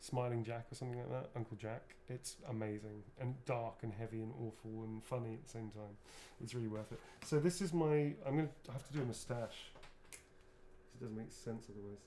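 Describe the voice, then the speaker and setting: A man in mid pitch talks loosely and rambles while he signs items, dropping casual swears. His speech is informal and unscripted, with a faint hiss of room noise underneath. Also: steady tone, brisk, mellow. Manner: rambling, chatty, swears freely. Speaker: actor signing autographs. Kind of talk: casual livestream chat.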